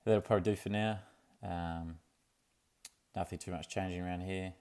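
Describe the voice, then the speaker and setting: A man's voice: low voice, fairly even intonation, normal speed, dark tone, clean tone. A young man, talking in a laid-back, rambling way for his video diary, full of fillers and restarts. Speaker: vlogger.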